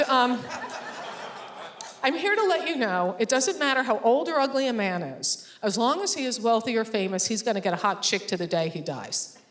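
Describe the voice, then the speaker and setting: A woman stand-up comic works a crowd with sarcasm. She acts out quick back-and-forth dialogue in a fairly high voice. The room rings with echo around her. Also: fairly bright tone. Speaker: stand-up comedian. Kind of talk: stand-up comedy set. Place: stage before a laughing audience.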